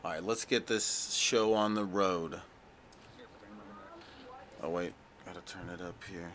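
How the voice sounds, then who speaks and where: A man's voice: low voice, fairly even intonation, takes it slowly, fairly bright tone, slight background noise. A man hosting a podcast who jokes and teases in casual banter and laughs often. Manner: joking and teasing, laughs often. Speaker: podcast host.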